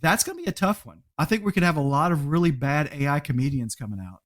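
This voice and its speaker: A man with a fairly high speaking voice talks as a podcast guest. He tells stories with animation, laughs often and acts out little quotes as he goes. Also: sing-song, fast, fairly bright tone. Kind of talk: casual interview chat.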